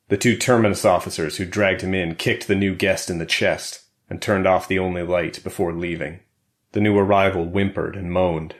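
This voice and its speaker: This is scripted audiobook narration of a thriller by a man with a deep, low voice. His reading stays steady and even, with a controlled tone even during action scenes.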